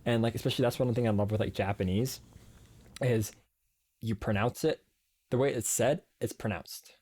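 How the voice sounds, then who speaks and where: A man's voice: fairly low pitch, normal speed, darkish tone, husky. A man streaming live, chatting casually and rambling with lots of fillers and self-corrections. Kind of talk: casual chat.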